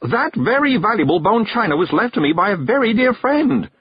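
A man's voice: a little high, wildly swooping pitch, normal speed, breathy edge, no echo, voice pushed up, full character voice. A man voicing a frail, fussy, polite older woman in an audiobook, quavering and genteel. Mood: indignant. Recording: dull, dry narration recording.

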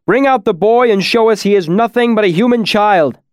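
A man voicing a village blacksmith in a storybook reading, yelling demands at a crowd's head. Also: medium pitch, lively intonation, a little fast, dry recording, studio quality, natural voice. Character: burly male village smith, fearful but bold.

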